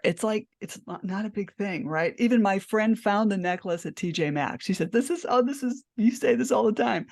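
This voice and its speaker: A woman's voice: on the low side, a little mellow. Woman, podcast host, casual interview, chatty storytelling, acts out quotes.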